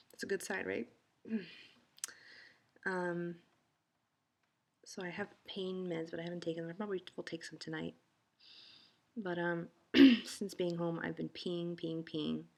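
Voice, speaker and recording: A woman with a low, gravelly voice chats into the camera at home. She sounds exhausted and rambles sleepily through a casual video diary. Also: a little mellow. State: tired. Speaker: vlogger.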